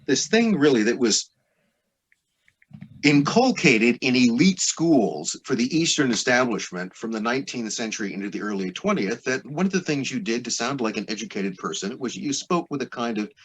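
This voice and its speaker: A man's voice: medium pitch, sing-song, normal speed, breathy edge. A man as a podcast guest, explaining history in a discursive, lecturing way full of asides.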